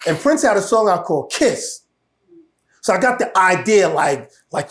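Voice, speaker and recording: A man, a guest telling a story in casual talk, animated and laughing, with many restarts. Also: high-pitched, moderate pace.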